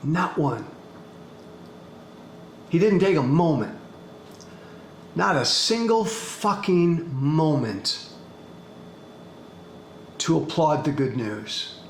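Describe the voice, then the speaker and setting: A male podcast host delivers a political monologue in a slightly high voice, drawing out each word slowly and driving his point home through repetition. His blunt, profane delivery carries a faint hiss and an echo from the room. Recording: echoey room with faint background noise.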